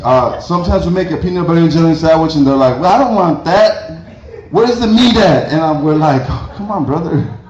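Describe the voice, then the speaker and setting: A man's voice: medium pitch, darkish tone, slight background noise. Chatty man doing stand-up in a roomy church hall. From Mexico. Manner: chatty, rambling storyteller, chuckling at his own jokes. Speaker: stand-up comedian. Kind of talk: stand-up comedy set. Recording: roomy, dull lo-fi hall recording.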